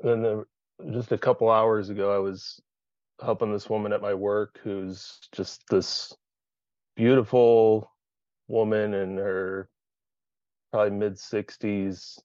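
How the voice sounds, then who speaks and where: Low-pitched man, candid support group share, swearing, searching aloud, dull lo-fi video call. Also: flat delivery, slow pace, pauses often, darkish tone, no echo. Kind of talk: personal sharing in a support group.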